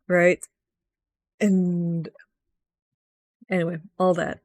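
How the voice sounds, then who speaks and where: A young woman recapping a video game in a rambling, excitable rant, swearing often and jumping up in pitch when frustrated. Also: extremely slow, long pauses, clean tone. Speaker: gaming vlogger.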